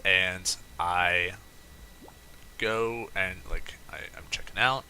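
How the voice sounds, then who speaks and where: Deep-voiced man rambling over gameplay. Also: slow, a little hiss or hum, low-quality recording. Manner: rambling, self-correcting, wry and animated when telling a story. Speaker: gameplay commentator. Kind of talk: casual gameplay commentary with storytelling.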